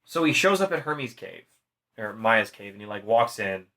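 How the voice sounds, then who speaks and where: A man's voice: lowish voice, moderate pace. A tipsy man casually retelling a myth on a podcast, swearing constantly and acting out the characters' lines. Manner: profane, animated, acts out characters' lines. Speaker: podcast storyteller.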